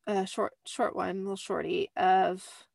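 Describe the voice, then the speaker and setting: A woman's voice: mid-range voice, fairly even intonation, a little slow, vocal fry, darkish tone, no room sound. A woman hosting a podcast in a cramped little room, rambling with lots of fillers while recapping a show. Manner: rambling, many "like" fillers, apologetic asides. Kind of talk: casual chat. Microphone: close desk mic.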